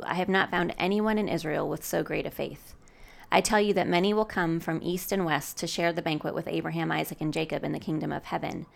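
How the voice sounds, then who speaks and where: Gravelly low woman reading scripture. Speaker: scripture reader and co-host.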